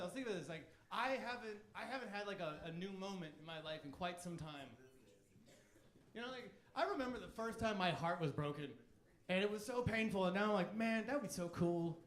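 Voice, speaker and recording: A man's voice: sits high, animated, fast, a bit bright. A man in his thirties doing a stand-up routine on a comedy club stage, cocky, provocative and crude. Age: 30s. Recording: echoey club room.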